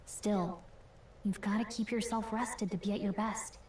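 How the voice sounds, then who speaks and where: A woman's voice: mid-range voice, fairly even intonation, unhurried, a little mellow, lightly acted. An actress playing a friendly, teasing young female companion and guide in a game. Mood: concerned. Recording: roomy distant game audio with faint ambience.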